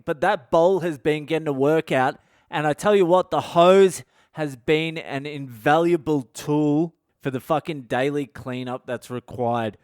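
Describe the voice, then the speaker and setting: A middle-aged man, hosting a comedy podcast with crude, swearing, animated rants. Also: fairly high pitch, measured pace, clean tone, no room sound, clean studio sound. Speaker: podcast host. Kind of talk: comic monologue.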